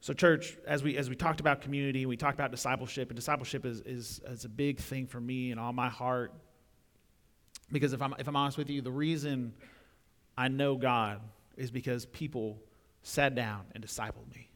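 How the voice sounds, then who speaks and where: A young adult man preaching a sermon in a church, talking conversationally, repeating words and swelling louder on key points. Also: mid-range voice, steady tone, a little fast. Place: church sanctuary. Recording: long reverb of a church hall.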